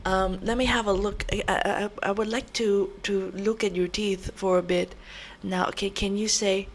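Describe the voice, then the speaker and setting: A woman voicing a scolding female dentist in a whispered role-play, soft and halting. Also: medium pitch, fairly even intonation, close to an everyday voice. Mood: gentle. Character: scolding female dentist checking a patient's teeth.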